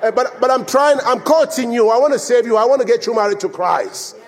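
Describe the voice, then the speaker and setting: High-voiced male preacher in a reverberant hall. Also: a little fast. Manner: animated storytelling, acting out quoted voices with laughter. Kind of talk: sermon. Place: church in Phoenix.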